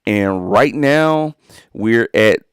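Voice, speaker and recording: A man's voice: fairly low pitch, expressive, extremely slow, clear, resonant tone, no room sound. A man giving a casual, laid-back live-stream demo of an audio interface, rambling and slangy, speaking into a studio microphone. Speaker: music producer demonstrating an audio interface.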